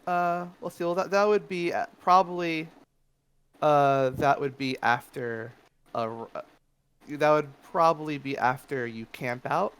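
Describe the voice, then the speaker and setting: A man's voice: a little high, measured pace, fairly bright tone, smooth. A man narrating as game master of a tabletop game, talking loosely with many fillers.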